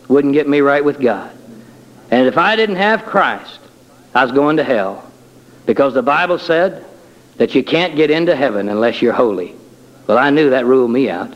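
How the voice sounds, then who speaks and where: A man's voice: medium pitch, fairly bright tone, muffled recording. A man giving a personal testimony in a colloquial, self-deprecating storytelling way with wry humor.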